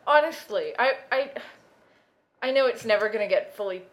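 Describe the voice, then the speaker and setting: A Canadian woman co-hosting a podcast, her voice sitting a little high. She talks in a wry, teasing way and leans hard on the points she wants to make. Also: lively intonation, moderate pace. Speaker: podcast co-host. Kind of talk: casual chat.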